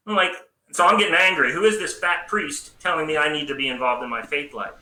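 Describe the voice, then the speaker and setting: A middle-aged American man, a priest and psychology professor, tells his story as an interview guest with lively, self-deprecating humor. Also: a little high, fast. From United States. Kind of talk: personal testimony in a casual interview. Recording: roomy echo with faint background noise.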